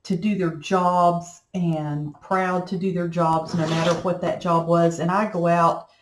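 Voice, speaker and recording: A woman's voice: lowish voice, flat delivery, a little slow. A middle-aged woman, chatting in a folksy, rambling way while she works on a craft project at home. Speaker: crafting vlogger. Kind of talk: casual chat while crafting. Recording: echoey room.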